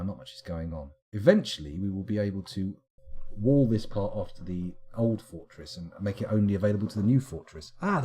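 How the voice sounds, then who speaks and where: A man's voice: fairly low pitch, mellow, husky. A man giving live, casual commentary while streaming a game, rambling along with wry asides.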